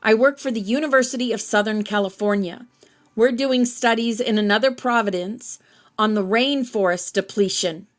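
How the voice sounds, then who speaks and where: A woman's voice: on the high side, normal speed, lightly acted. Friendly, fit middle-aged male researcher read by a woman, plain reading. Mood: earnest. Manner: plain reading, hardly changed from her narration.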